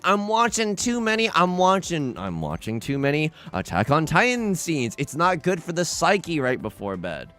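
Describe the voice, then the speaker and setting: A young man streaming a game, chatting in a rambling, self-deprecating way with sudden loud outbursts. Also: sits high. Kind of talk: casual livestream chat while gaming.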